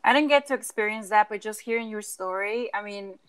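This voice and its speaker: A woman co-hosting a podcast, reflecting in casual chat and trailing off softly. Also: medium pitch, fairly quick, clean tone. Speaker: podcast co-host.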